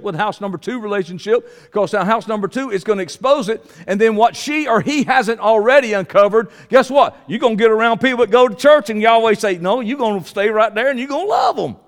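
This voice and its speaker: A man's voice: sits high, expressive, a little fast. A man preaching a sermon to his congregation with a Southern Georgia accent, folksy and calling out to the room. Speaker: pastor. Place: church hall. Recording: preaching in a reverberant hall.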